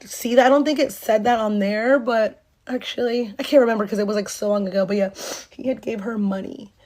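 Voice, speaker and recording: A woman's voice: fairly high pitch, steady tone, brisk, a little mellow. Rambling young woman telling a storytime. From North Carolina, US. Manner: rambling, filler-heavy, profane, acts out quoted lines. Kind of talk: casual storytime monologue.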